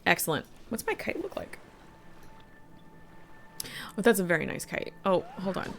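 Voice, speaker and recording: A woman's voice: on the low side, sing-song, moderate pace, vocal fry, a bit bright, slight background noise. A middle-aged woman streaming a game, chatting casually, thinking aloud and reading quest text. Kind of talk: casual live-stream commentary.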